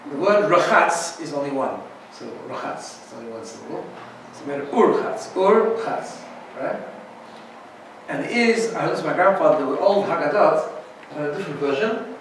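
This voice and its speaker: A man's voice: on the high side, expressive, normal speed, a bit bright, heavy reverb, distant mic, a little hiss or hum, low-quality recording. A man teaching an informal Torah class as a rabbi, chatty and often checking in with "right?". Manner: chatty, keeps asking "right?".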